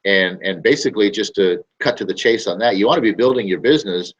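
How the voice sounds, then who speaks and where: Husky low-voiced guy hosting his show, emphatic, repeats himself a lot, dull muffled sound. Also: quick pace. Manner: rambling, emphatic, repeats phrases. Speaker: show host. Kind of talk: casual talk to camera.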